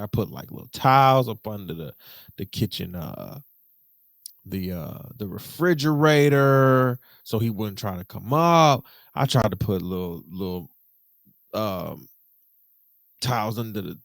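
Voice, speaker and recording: Young male podcast host, energetic and expressive, mid-pitched voice recorded dry. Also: creaky, no room sound. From Detroit. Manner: animated and slangy, jumps to high excited pitch, mimics voices. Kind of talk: casual solo podcast storytelling.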